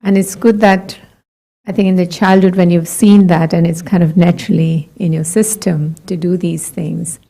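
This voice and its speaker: A woman from India giving a gentle, conversational talk to a group, asking reflective questions and laughing lightly. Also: lowish voice, steady tone, moderate pace, creaky. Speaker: meditation talk speaker.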